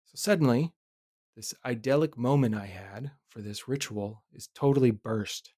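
A man in his thirties hosting a podcast, telling a personal story in a reflective, animated way with casual swearing. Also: mid-range voice, moderate pace, no echo, clean studio sound. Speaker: podcast host.

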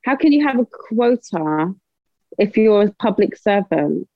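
A woman's voice: mid-range voice, animated, a little slow, no echo. A woman in casual conversation, asking incredulous questions. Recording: tinny, phone-like audio.

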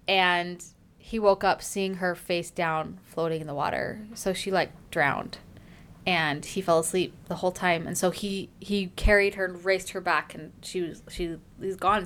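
A woman co-hosting a casual book discussion, animated and laughing often as she sums up scenes and reads passages aloud. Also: mid-range voice. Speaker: book podcast co-host.

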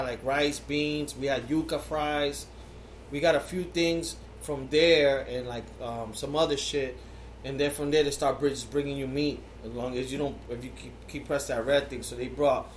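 A podcast host, a man with a slightly high voice, tells a meandering story full of fillers and the odd curse. It is casual chat, not a performance. The room around him is echoey, with faint noise underneath. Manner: rambling storyteller, heavy fillers and swearing.

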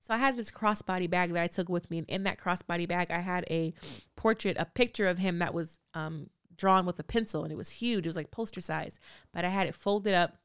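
A woman in her thirties hosting a podcast, telling a story in an animated, breathless way. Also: on the low side, brisk, smooth, no echo, clean studio sound. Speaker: podcast host.

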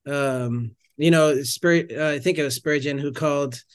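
A man in his thirties talks casually as a podcast guest, his voice pitched a little higher than most men's. He rambles through his stories, stops partway and restarts his sentences as he goes. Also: moderate pace, clean tone. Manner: rambling, self-correcting storyteller with frequent restarts. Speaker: missionary guest. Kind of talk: casual storytelling interview.

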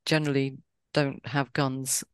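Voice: mid-range voice, little pitch movement, a little slow, smooth, no room sound. A podcast host talks casually with an author, chatty and cheerful, often circling back to rephrase mid-sentence. The voice sits mid-range and sounds dry and close, with no room around it. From Britain. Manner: chatty, with frequent restarts and a cheery tone. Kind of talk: casual interview chat.

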